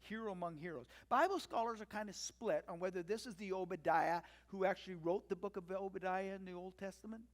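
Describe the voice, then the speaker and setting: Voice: medium pitch, brisk, hardly any pauses. A pastor giving a conversational, wry sermon, retelling scenes and breaking into acted-out quotes. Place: church sanctuary. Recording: long church reverb.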